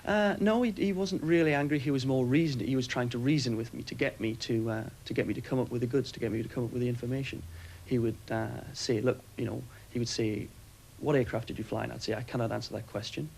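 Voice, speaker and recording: A man who served as aircrew, giving a steady, matter-of-fact account in a documentary interview. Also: mid-range voice, quick pace, gravelly, hardly any pauses, a little hiss or hum, low-quality recording. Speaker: former RAF aircrew interviewee.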